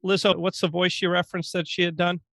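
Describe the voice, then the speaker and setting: A man's voice: high voice, level tone, fast, gravelly, a bit bright. A middle-aged man from Vermont co-hosting a podcast with joking, teasing, upbeat banter. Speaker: podcast co-host.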